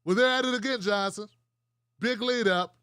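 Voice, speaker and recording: A man's voice: sits high, moderate pace, bright, forceful tone, a little hiss or hum. A man hosting political commentary, ranting casually with profanity and sarcasm, acting out mocking quotes.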